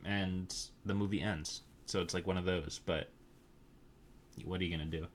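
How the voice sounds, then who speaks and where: A man's voice: low-pitched, fairly even intonation, normal speed, slight background noise. A man casually recapping movies in a crude, offhand, meandering way, full of fillers and asides. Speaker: movie reviewer.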